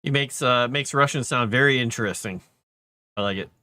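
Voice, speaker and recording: Man, bright voice, dry close sound, casual stream chat, trails off as he writes. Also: mid-range voice, brisk, dry recording. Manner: chatty, trails off mid-sentence. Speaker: author on a live writing stream. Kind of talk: casual chat while writing.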